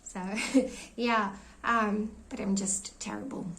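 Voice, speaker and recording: In a casual show-and-tell vlog with poor audio and slight background noise, a young woman losing her voice shows her doll collection. She speaks slowly at a medium pitch with fairly even intonation and a fairly bright tone, rambling, hunting for names, and laughing often.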